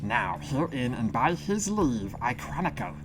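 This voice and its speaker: A man voicing a small, stubborn male creature scribe in a high, squawking, duck-like voice, reading game text aloud. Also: very animated, measured pace, music in the background. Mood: earnest.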